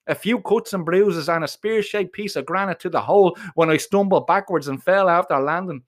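High-voiced Irish man telling a story. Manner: profane, colloquial, animated. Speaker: narrator. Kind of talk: comic first-person storytelling.

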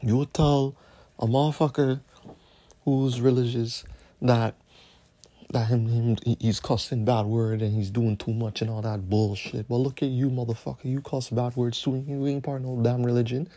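A man's voice: medium pitch, flat delivery, moderate pace, dark tone. A man hosting a podcast, ranting alone with heavy profanity and slang. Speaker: podcast host. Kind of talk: solo podcast rant.

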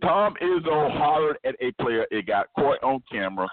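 A man hosting a casual sports podcast, ranting loudly and laughing as he makes his points. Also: mid-range voice, moderate pace, no room sound. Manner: loud, animated ranting with laughs. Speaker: podcast host. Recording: tinny phone-like line with noise.

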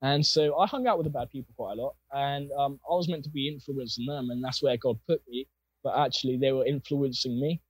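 A young man with a husky voice, telling his personal faith story in an earnest, rambling way with plenty of fillers. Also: mid-range voice, steady tone, fairly quick, no echo. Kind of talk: casual personal testimony.

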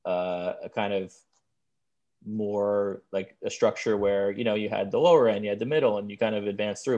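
A man with a fairly low voice co-hosts a podcast, talking loosely and hesitantly. His sentences wander and break off as he searches for the next word. The tone stays relaxed and conversational. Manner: rambling, hesitant, trails off mid-sentence. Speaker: podcast co-host. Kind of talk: casual chat.

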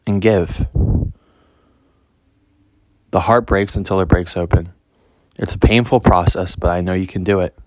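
A man's voice: low voice, no echo. A man speaking as a spiritual reader in a casual monologue, blunt and emphatic, cursing freely.

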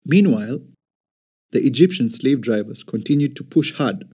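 A man narrating an audio Bible in an even, measured scripted reading. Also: mid-range voice, husky. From Kenya.

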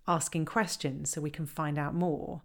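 Lowish woman explaining customer service steps. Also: moderate pace. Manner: animated, acts out quoted dialogue. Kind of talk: conversational podcast explanation.

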